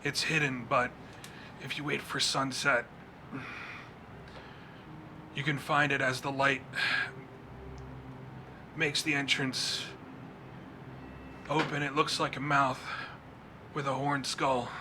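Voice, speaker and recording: A man's voice: mid-range voice, level tone, takes it slowly, long pauses, background noise, voice pushed up, natural voice. Man doing a dazed, entranced man. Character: entranced man reciting secrets.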